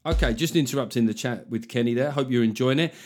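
Brief: male podcast host, casual and irreverent, average pitch. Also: fast, darkish tone, faint music behind. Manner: jokey, swearing, riffing on names. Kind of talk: casual chat.

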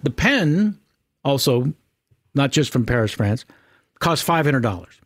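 A man's voice: medium pitch, very animated, measured pace, no echo, studio quality. A man, an actor guest, telling a comic anecdote in punchy, clipped sentences.

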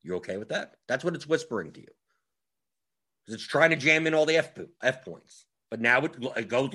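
A man talks through a fantasy sports lesson in a casual, conversational way. He is animated and emphatic and often restarts his sentences mid-thought. His voice sits at an everyday male middle pitch. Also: a little fast, breathy edge. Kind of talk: casual tutorial explanation.

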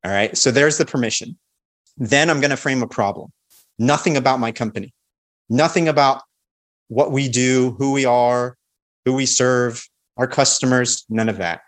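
A man's voice: mid-range voice, moderate pace. A man explaining sales techniques with confidence, walking through the steps of a call. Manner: confident, instructive, acts out sample calls. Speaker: sales expert guest.

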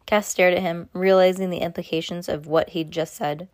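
A woman's voice: fairly low pitch, fairly even intonation, normal speed, few pauses, a little mellow, no echo, studio quality. A woman reading a novel aloud, stumbling now and then and restarting her sentences. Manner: unpolished reading with frequent slips and restarts. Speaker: reader.

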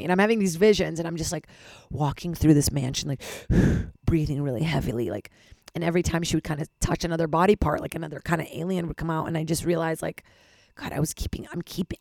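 A woman's voice: deep voice, gravelly, a little mellow, dry recording, clean studio sound. A young adult woman hosting a podcast, rambling candidly and self-deprecatingly with casual swearing, her voice a little worn. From Los Angeles-based. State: slightly lost voice. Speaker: podcast host. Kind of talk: candid personal monologue.

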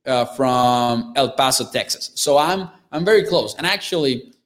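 A young man from northern Mexico with a Mexican accent, hosting a live sports talk show, reading chat comments and often repeating words as he talks. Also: mid-range voice. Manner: quick, restarts and repeats words, animated. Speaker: sports podcast host.

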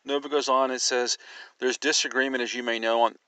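A man reading an account aloud and then musing on it, in a measured, speculative storytelling manner. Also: medium pitch, level tone, bright, forceful tone, clean tone, dry recording.

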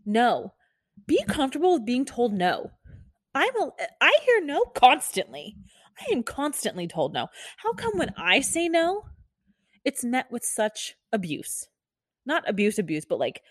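A woman's voice: on the high side, very animated, moderate pace, dry recording, clean studio sound. A woman who works as a nurse, venting in an exasperated, frazzled, emphatic monologue.

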